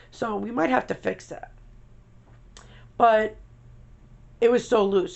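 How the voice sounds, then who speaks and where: Gravelly, blunt, chatty woman vlogger. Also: medium pitch, dull audio. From New York. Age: young adult. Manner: blunt, chatty, rambling with asides and mild swearing. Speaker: denture vlogger. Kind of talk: casual chat to camera.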